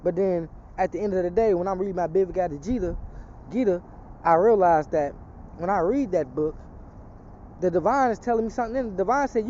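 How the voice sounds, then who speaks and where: A man's voice: high voice, animated, fast talker, warm tone, lo-fi sound, a little hiss or hum. A man telling a personal testimony in casual street talk, rambling and profane, slipping into an emphatic preaching tone.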